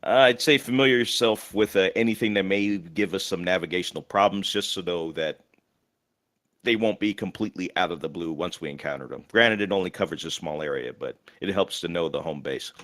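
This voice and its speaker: Deep-voiced man playing the captain. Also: fairly quick, a bit bright. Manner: hesitant, with frequent fillers. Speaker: player acting as ship captain. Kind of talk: in-character role-play.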